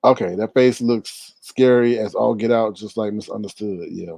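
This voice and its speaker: A man hosting a casual livestream, retelling a story with lots of laughter and acting out the scenes in high voices. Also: normal speed, gravelly, dark tone, no echo. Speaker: livestream host reading viewer comments.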